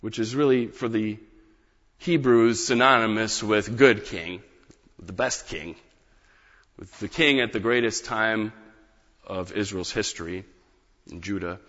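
A male pastor delivers a sermon with emphatic rises on key phrases and quiet drops between them. His voice rings with a long reverb through a church hall. The sound is slightly dull and muffled. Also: fairly low pitch, measured pace, long pauses.

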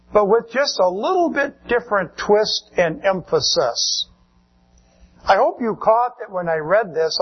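A male pastor preaching a sermon in a slow, measured way, drawing out words for emphasis. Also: high-pitched, breathy edge, muffled recording.

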